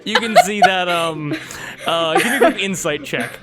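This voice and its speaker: A male game master narrating a tabletop game, searching for words with lots of fillers. His fairly high voice moves lively up and down, with faint music playing under the talk. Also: moderate pace. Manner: hesitant, many fillers and restarts.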